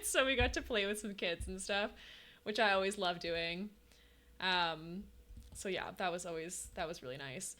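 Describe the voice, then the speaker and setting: A chatty woman streaming a game, talking casually to her viewers and replying to chat as she goes. Her voice is bright and clear, and she laughs often. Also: on the low side, normal speed.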